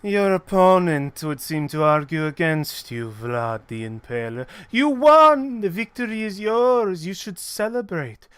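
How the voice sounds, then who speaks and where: A man's voice: a little high, expressive, measured pace, hardly any pauses, clear, resonant tone, no room sound. A man voicing a composed, smug woman who runs an arena, speaking coolly and courteously.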